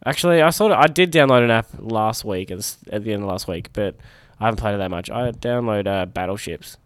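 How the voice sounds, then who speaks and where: A man's voice: fairly low pitch, fast, dry recording, clean studio sound. A young man hosting a casual podcast, teasing his co-hosts and egging them on. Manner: lively, teasing, eggs others on. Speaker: podcast host.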